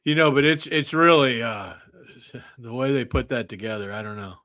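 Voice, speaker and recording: A man's voice: medium pitch, normal speed, fairly bright tone, no room sound. A man hosting a casual podcast, rambling off into absurd tangents. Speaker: podcast host.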